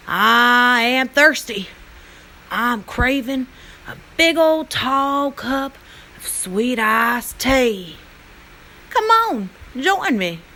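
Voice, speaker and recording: A woman's voice: on the high side, pushed and bright, heavily acted. A woman voicing a friendly male cowboy rancher who drawls and welcomes guests heartily.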